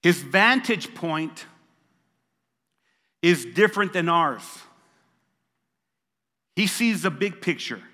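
A man's voice: a little high, lively intonation, slow, pauses often, pushed and bright. An older man preaching a sermon as pastor, emphatic and repeating phrases for stress. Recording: long reverb of a large hall.

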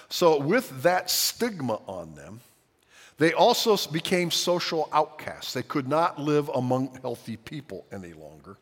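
A man preaching a sermon as pastor, swinging from hushed lines to loud, dramatic outbursts. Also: mid-range voice. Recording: long hall reverb.

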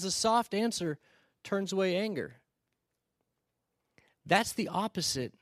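A male pastor preaching a sermon, telling stories in a conversational way with quick asides and restarts. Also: on the high side, dry recording, studio quality. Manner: storytelling, conversational with quick asides and repeated starts.

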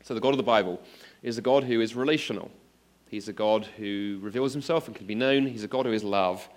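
A man's voice: lowish voice, a little fast. A man giving an earnest apologetics talk to an audience, addressing listeners directly with examples and rising to emphatic exclamations. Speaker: preacher. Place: speaking to an audience of students.

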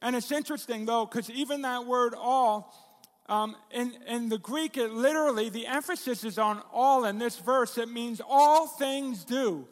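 A middle-aged man preaching a sermon, his voice sitting high for a man. He talks to the congregation in a conversational, joking way, firing rhetorical questions at them. A long reverb trails off his words, the sound of a church hall. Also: normal speed. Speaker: pastor.

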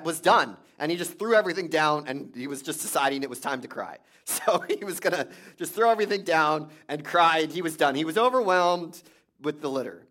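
A man's voice: fairly high pitch, a bit bright. A man, a pastor, giving a sermon in a conversational storytelling way with restarts.

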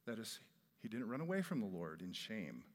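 A man preaching a sermon in a conversational, expressive way, his voice swelling for emphasis. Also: fairly low pitch, moderate pace. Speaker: pastor. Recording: long reverb of a large hall.

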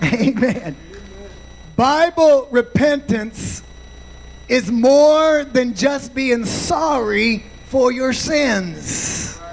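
Male pastor, unusually high voice, very slow deliberate sermon delivery, faint hum behind. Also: expressive, vocal fry, rough recording. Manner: slow, deliberate preaching with frequent amens.

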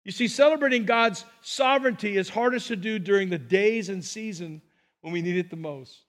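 A man's voice: sits high, moderate pace, fairly bright tone. A man preaching a sermon as pastor, talking to the congregation in a conversational way and asking rhetorical questions. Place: church sanctuary.

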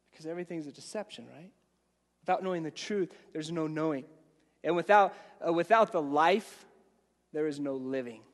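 Man, preacher, high voice, stumbling repeats, chatty sermon, reverberant hall. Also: moderate pace. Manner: repeats words, conversational with audience. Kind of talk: evening sermon.

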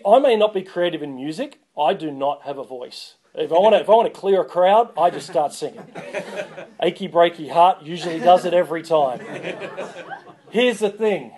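Man, pastor, sermon, fairly high voice, joking, lively, calls for responses.

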